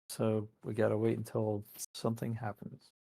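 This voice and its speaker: A man's voice: fairly low pitch, monotone, moderate pace, vocal fry, warm tone. A man co-playing a video game, chatting casually, asking questions and cracking dry jokes. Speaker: co-player. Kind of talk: casual gameplay chat.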